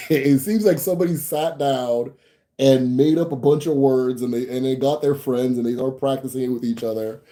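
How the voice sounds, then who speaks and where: A man hosting a livestream, answering viewer chat in a rambling, animated way with lots of fillers. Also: mid-range voice, moderate pace. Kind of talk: casual live chat.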